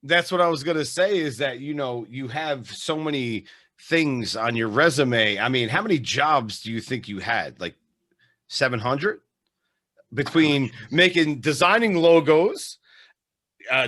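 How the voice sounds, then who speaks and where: Male host, bright and crisp, mid-pitched, eager and rambling. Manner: enthusiastic, rambling questions. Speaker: podcast host. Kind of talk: casual interview questions.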